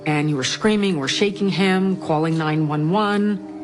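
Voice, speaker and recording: A middle-aged woman, a bereaved mother, telling her story in a documentary interview in a halting, grief-stricken way. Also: on the low side, background noise. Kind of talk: documentary interview, personal account.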